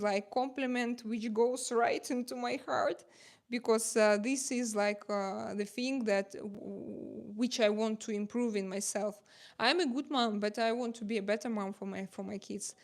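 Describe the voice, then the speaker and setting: A woman's voice: a little high, fairly even intonation, a little slow. Woman host chatting on a livestream, English. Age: 40s. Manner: non-native English, many uhs and restarts, reads chat aloud. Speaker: livestream host and makeup artist. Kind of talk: casual livestream chat reading comments.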